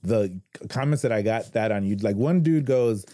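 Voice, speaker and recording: A man's voice: lowish voice, normal speed, mellow, no echo, clean studio sound. A man hosting a podcast, mostly chiming in with short replies and laughing along with his guest. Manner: brief responses and easy laughter. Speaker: podcast host. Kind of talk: casual chat. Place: podcast studio.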